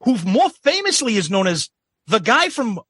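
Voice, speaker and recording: A man's voice: high voice, very animated, normal speed, fairly bright tone, breathy edge, no echo. A man co-hosting a podcast in casual chat, rambling and chuckling as he talks, often repeating words. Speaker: podcast co-host.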